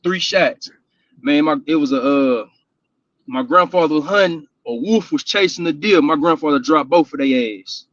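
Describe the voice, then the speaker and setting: A man's voice: a little high, moderate pace, a bit bright, no echo. Laughing storyteller man, lo-fi sound. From Houston, Texas. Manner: laid-back storyteller, laughs often, trails off. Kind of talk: casual chat.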